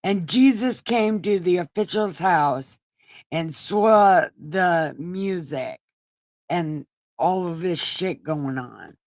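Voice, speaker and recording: A woman's voice: on the low side, slow, a little mellow, no echo. A woman hosting a show, retelling Bible stories in a casual, irreverent way with profane, sarcastic asides. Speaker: host reading scripture.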